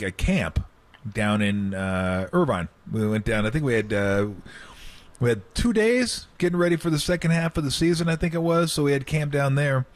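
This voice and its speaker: A middle-aged former basketball player, guesting on a sports radio show, tells stories in an animated way. He acts out the quotes and laughs often. His voice is medium-pitched, with no echo.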